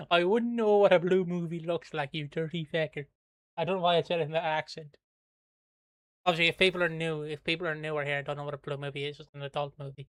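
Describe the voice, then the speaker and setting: Irish man, livestream reaction host, sweary and rambling, bright voice, dry close sound. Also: on the high side, clean tone, no echo. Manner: swears freely, rambling and chatty.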